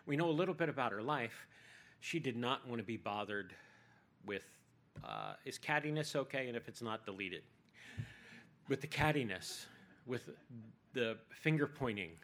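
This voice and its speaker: A man's voice: mid-range voice, sing-song, normal speed, a bit bright. A man preaching a sermon in a conversational way, with jokey asides.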